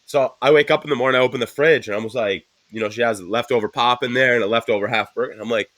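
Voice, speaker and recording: A man's voice: mid-range voice, fairly even intonation, very fast, few pauses, a bit bright, no room sound. A man co-hosting a casual podcast, telling a story with laughs and swearing. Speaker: podcast co-host. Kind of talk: casual chat.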